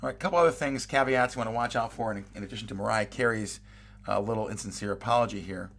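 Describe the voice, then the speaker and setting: A man delivers a recorded college lecture in a relaxed, conversational manner. His voice sits a little low and has a gravelly fry to it. He reads quoted examples aloud and keeps checking in with his listeners. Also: fast talker.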